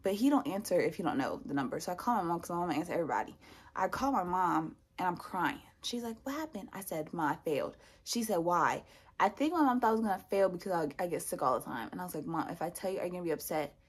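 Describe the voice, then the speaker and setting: Breathy young woman telling a storytime. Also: fairly low pitch, quick pace. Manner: animated, acts out other people's lines. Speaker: vlogger. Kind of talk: storytime vlog.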